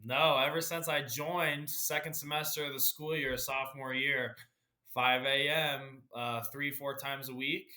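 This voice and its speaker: Bright-voiced teen athlete being interviewed. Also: male voice, medium pitch, steady tone, a little slow. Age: teens. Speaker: guest athlete. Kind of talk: casual interview answers.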